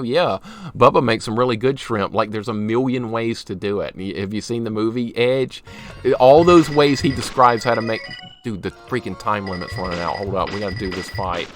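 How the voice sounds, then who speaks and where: A man's voice: lowish voice, moderate pace, faint music behind. A man with a mild Arkansas Southern accent, casually chatting with viewers and laughing often while streaming a game. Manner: chatty, reads chat aloud, laughs often. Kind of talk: casual live-stream chat while gaming.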